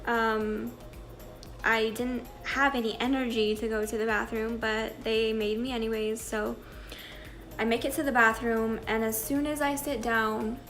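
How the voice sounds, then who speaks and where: Young mom in her 20s rambling thru her story, kinda high voice, music under it. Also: flat delivery, a little slow, fairly bright tone. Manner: chatty, candid, rambling with fillers. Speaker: vlogger and mother. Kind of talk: casual storytelling to camera.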